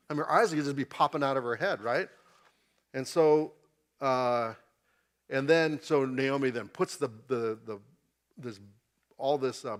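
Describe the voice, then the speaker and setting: In a church, a man with a medium-pitched voice leads an informal Bible class. He's chatty and keeps checking in with the class as he goes.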